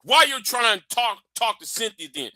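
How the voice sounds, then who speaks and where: A man hosting a live stream, ranting in a heated, profane way that keeps rising into shouts. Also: very high-pitched, expressive, moderate pace, no room sound, clean studio sound. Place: warm indoor room with a fan.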